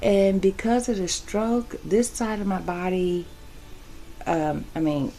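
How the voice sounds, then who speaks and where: A woman's voice: mid-range voice, steady tone, slow, warm tone, low-quality recording. A woman vlogger chatting casually to camera, rambling from topic to topic, laughing often and acting out what other people said. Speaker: soap-making vlogger.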